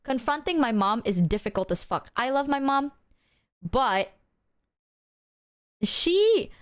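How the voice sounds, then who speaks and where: Woman streamer, high bouncy voice, rambling casual chat with slang and swearing. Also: big pitch swings, slow. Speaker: livestreamer.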